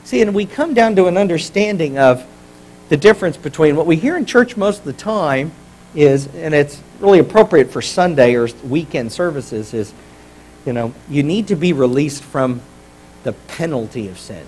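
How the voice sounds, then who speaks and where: A man's voice: on the high side, expressive, moderate pace, a little mellow, slight background noise, low-quality recording. A middle-aged man preaching a sermon as pastor, in a conversational, jokey way.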